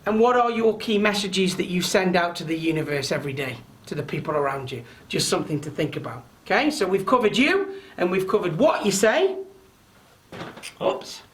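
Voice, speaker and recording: A loud man with a fairly high voice talks through a training webinar. He is chatty and keeps checking in with his listeners. He sounds like he is speaking into a computer mic on a video call. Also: expressive, normal speed. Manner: loud, chatty, frequent tag questions. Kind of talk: live online training talk.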